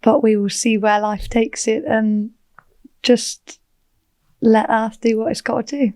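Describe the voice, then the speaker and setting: A woman, chatting as a podcast guest, animated and quick to laugh. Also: a little high, no room sound. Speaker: podcast guest, property entrepreneur. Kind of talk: casual interview chat.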